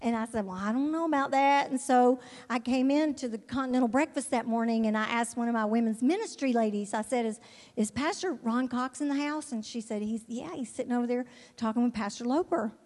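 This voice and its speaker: A woman from Alabama telling a lively testimony as a missionary, laughing often and acting out the people she quotes. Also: a little high, fairly quick. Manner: animated, laughs often, acts out quoted voices. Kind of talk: storytelling testimony to an audience. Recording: long hall reverb.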